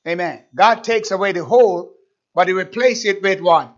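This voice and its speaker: A man's voice: sits high, moderate pace. A man preaching a fervent sermon, repeating himself and firing rhetorical questions at his listeners. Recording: dull lo-fi recording.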